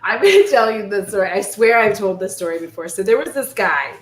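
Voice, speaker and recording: A young woman hosting a casual chat, telling stories in an animated way with acted quotes. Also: mid-range voice, fairly quick, reverberant. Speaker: host. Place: indoors at home.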